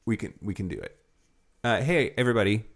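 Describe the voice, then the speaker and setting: Male podcast co-host, wry rambling delivery, low pitch, lively intonation. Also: fast talker. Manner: wry, rambling, crude joking. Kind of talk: casual chat.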